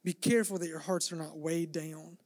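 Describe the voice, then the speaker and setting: A man's voice: a little high, fairly even intonation, a little fast, darkish tone, no room sound, studio quality. A male pastor preaching a midweek sermon, earnest and building in intensity, acting out the dialogue of scripture scenes.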